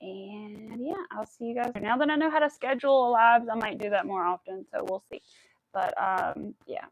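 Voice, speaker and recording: Emotional woman with a gravelly voice. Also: mid-range voice, normal speed, low-quality recording. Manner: rambling with many fillers. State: emotional, near tears. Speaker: crochet livestream host. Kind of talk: casual live stream chat.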